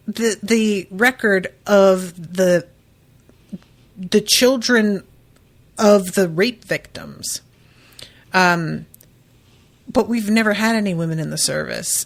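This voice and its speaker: A woman hosting a podcast, recapping a book in a loose, chatty way with lots of fillers and casual swearing. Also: mid-range voice. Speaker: podcast host.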